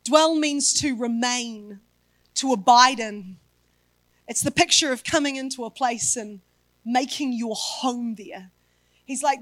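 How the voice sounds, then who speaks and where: A woman's voice: on the high side, unhurried, fairly bright tone, dry recording. A woman pastor preaching a sermon, emphatic and building her points through repetition.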